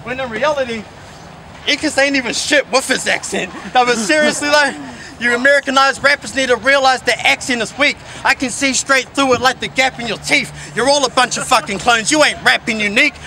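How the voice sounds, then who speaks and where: Brash high-voiced New battle rapper. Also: male voice, brisk, pushed and bright, a little hiss or hum. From New Zealand. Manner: aggressive, mocking, profane. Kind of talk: rap battle verse. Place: outdoors by a skate park.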